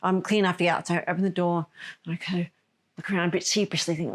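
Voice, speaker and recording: Aussie woman rambling through a personal story on a podcast, talks fast, keeps correcting herself. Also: lowish voice, fairly even intonation. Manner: rambling, self-correcting, emotional retelling. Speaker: podcast host.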